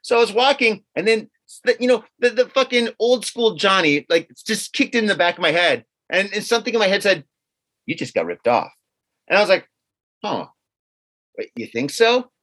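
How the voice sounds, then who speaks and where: A man's voice: high voice, fairly quick. A man co-hosting a podcast, telling a story casually and acting out what others said, with some swearing. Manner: animated, acts out quotes of others with swearing. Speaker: podcast co-host.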